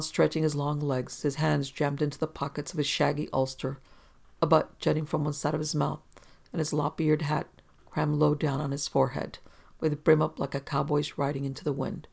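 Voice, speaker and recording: An audiobook narrator with a gravelly, creaky voice, telling a pulp detective story at a steady pace. The voice sits in a middle pitch. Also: moderate pace. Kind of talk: scripted narration.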